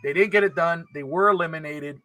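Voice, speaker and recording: A man's voice: fairly high pitch, a little fast, sharp tone. A man hosting a casual sports talk show, chatty and emphatic, on a close mic. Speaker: podcast host.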